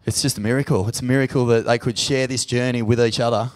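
A man with an Australian accent hosting a live podcast on stage in a pub, sweary and emotional, loud when he hypes up the crowd. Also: medium pitch, steady tone, quick pace. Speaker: podcast host. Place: pub venue with live audience.

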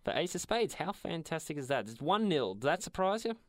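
A man's voice: on the high side, very animated, fairly quick, dry recording. A man, hosting a casual music podcast in a studio and announcing rounds in an upbeat game-show style. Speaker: podcast host.

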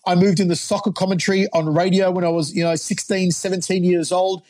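An Australian man in his forties, a fight commentator, telling animated stories as a guest on a podcast. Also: sits high, quick pace. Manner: animated storyteller, laughs often. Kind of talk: podcast interview storytelling.

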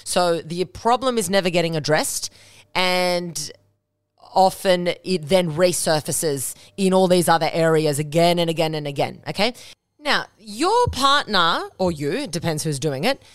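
A woman's voice: fairly low pitch, no room sound. A woman hosting a podcast, giving direct relationship advice in a coaching monologue. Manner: direct, coaching, lively with acted-out asides. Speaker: podcast host.

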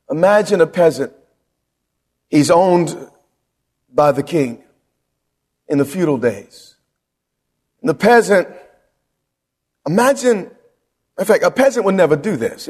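Male pastor, high voice, call-and-response preaching, long church-hall reverb. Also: animated, a little slow, long pauses, breathy edge. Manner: preaching with call-and-response questions, rising to shouts. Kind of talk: sermon.

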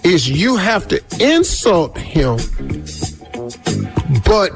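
A man's voice: drawn-out words, music in the background. A man hosting a radio advice segment, joking and acting out silly lines with lots of animation. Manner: animated, acts out silly lovers' lines in a high voice. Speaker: radio show host giving advice. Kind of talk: comedic advice banter.

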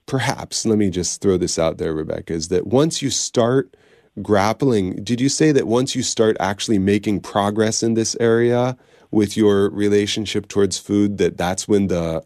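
A man hosting a call-in radio show, slightly under the weather, answering callers in a lively way with many restarts. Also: lowish voice, a little slow, no room sound, studio quality. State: slightly ill, recovering cold. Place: radio studio.

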